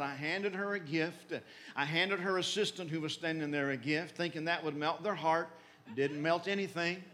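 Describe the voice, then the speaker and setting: A middle-aged man preaching, telling a mission story earnestly and slowing down for dramatic moments. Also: on the high side, fairly bright tone. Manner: earnest, recounts dialogue with slowed dramatic emphasis. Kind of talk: sermon storytelling.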